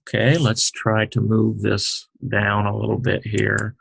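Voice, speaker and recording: A man teaching the Hebrew alphabet, talking slowly with many fillers as he writes out each letter. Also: on the low side, completely flat delivery, gravelly, slightly rough, no echo. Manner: slow, halting, many fillers, explains while writing. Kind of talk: unscripted alphabet lesson.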